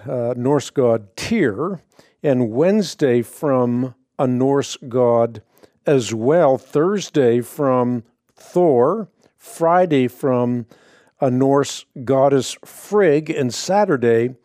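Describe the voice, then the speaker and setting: A middle-aged man hosting a radio Bible question program, explaining an answer in a measured way with pauses. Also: medium pitch, mellow, no room sound, clean studio sound.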